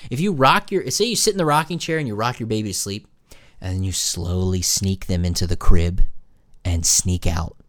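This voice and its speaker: A man's voice: deep voice, moderate pace, no echo, clean studio sound. A man and new father hosting a casual podcast monologue, telling jokey stories. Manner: animated, jokey storytelling.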